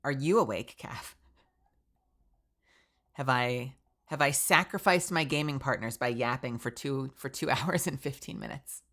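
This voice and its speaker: Speaking a little slowly in a very deep voice, a young woman chats casually as a VTuber. She sounds congested and rambles in an animated, talkative way, sprinkling in lots of "like."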